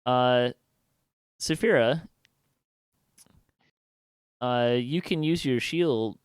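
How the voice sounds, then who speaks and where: A man running a tabletop game as game master on a stream, talking in a relaxed, halting way full of fillers. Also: mid-range voice, clear, resonant tone, dry recording, clean studio sound.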